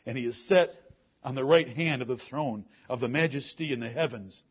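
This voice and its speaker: A man preaching a fiery sermon, his voice husky and a little breathy. He swings from loud, emphatic declarations down to low, intense talk. The recording is muffled and lo-fi. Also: normal speed.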